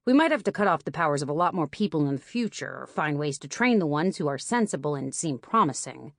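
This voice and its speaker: A woman reading an audiobook, voicing a tired man in his mid-thirties who talks in a ragged, breathy way. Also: on the high side, very animated, quick pace, a bit bright, dry recording, studio quality, full character voice.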